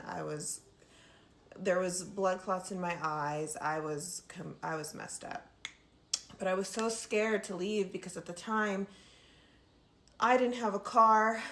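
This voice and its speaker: A woman with a somewhat low voice tells a personal story to camera in a casual storytime style. She talks to her viewers directly and earnestly, pausing often to find her words. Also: fairly bright tone. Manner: halting, earnest, addresses viewers as "you guys".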